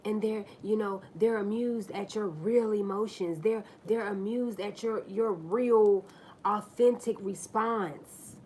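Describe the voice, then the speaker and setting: A woman hosting a livestream, telling a personal story to her viewers in a candid, profane, animated way. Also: medium pitch, unhurried, hardly any pauses, a little hiss or hum. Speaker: livestream host.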